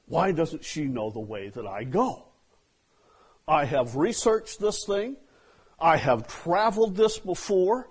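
A pastor telling a story in a sermon, swinging from loud outbursts to hushed asides. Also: male voice, on the high side, big pitch swings, slow, pauses often, breathy edge.

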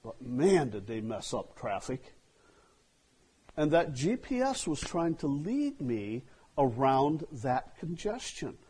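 A pastor telling a story in a sermon, swinging from loud outbursts to hushed asides. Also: male voice, medium pitch, very animated, slow pace, slightly rough.

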